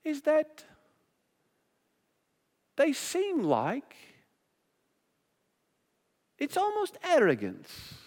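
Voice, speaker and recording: Genteel older british gentleman, bemused, high soft lilt, long hall echo, as a preacher puts him on. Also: huge pitch swings, drawn-out words, long pauses, full character voice. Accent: British, put on. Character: genteel older British documentary host, puzzled.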